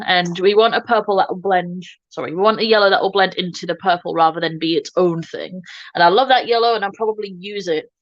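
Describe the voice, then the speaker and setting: A woman's voice: medium pitch, a bit bright, no echo, muffled recording. A woman hosting a casual makeup livestream, chatting to her viewers in a self-mocking way while she works. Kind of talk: casual makeup tutorial chat.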